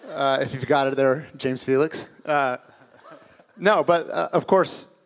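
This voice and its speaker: A man's voice: medium pitch, measured pace. A man who is a church worship director, speaking with wry, self-deprecating humor at a service. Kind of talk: church announcement interview.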